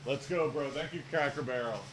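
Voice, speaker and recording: A man's voice: mid-range voice, fairly quick, background noise. A young man from Southeast Michigan chatting casually on a live stream, reacting to chat with rambling, jokey asides.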